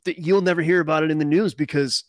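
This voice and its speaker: A man's voice: on the high side, fairly even intonation, quick pace, no echo, studio quality. Rambling man chatting on a podcast. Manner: rambling, loose commentary with fillers. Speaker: podcast guest. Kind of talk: casual live chat.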